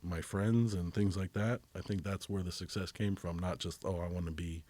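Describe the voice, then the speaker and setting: A man's voice: deep voice, fairly even intonation, normal speed, darkish tone, no room sound. A man as a podcast guest in casual chat, laid-back and rambling, swearing casually.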